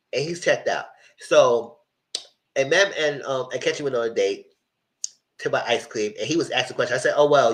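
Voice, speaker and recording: A man giving a casual live recap of a reality TV show, exasperated and blunt, ranting and swearing as he talks back to the cast. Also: medium pitch.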